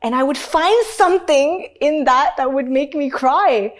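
A woman's voice: high-pitched, measured pace. A young adult woman being interviewed. She talks candidly and expressively, with lots of "like" fillers and frequent easy laughter. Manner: laughs easily and often. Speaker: interview guest.

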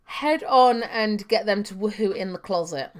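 A woman's voice: medium pitch, moderate pace. A young adult woman giving chatty live gameplay commentary, thinking aloud with fillers and laughing often. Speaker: game streamer.

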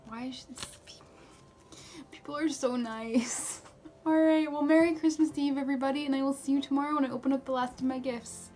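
Young woman, high bright voice, gushing unboxing vlogger, light music under her. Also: normal speed. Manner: gushing, excitable, chatty with fillers. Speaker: book vlogger. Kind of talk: casual unboxing vlog.

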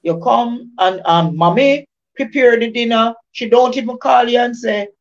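A woman preaches in a fairly high voice, circling back to phrases with emphatic, rhythmic repetition. The recording sounds dull and lo-fi. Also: moderate pace. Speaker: devotional speaker. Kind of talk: informal testimony and preaching.

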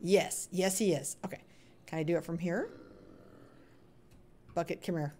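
A woman's voice: on the low side, fairly even intonation, a little slow, dark tone. A woman live-streaming a building game, chatting casually, coaxing game characters in a sing-song voice and answering viewer chat. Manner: reads out viewer chat names and answers them. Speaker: Minecraft streamer.

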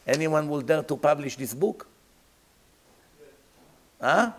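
A man's voice: a little high, lively intonation, slow, rough recording. A man, a rabbi giving a Torah lecture, emphatic and full of rhetorical questions, acting out imagined dialogues.

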